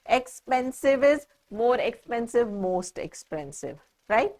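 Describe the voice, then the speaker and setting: A woman's voice: on the high side, expressive, takes it slowly, darkish tone. Patient Indian English woman teaching grammar. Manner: patient, checks understanding with "right?"; spells words out letter by letter. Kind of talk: grammar lesson explanation.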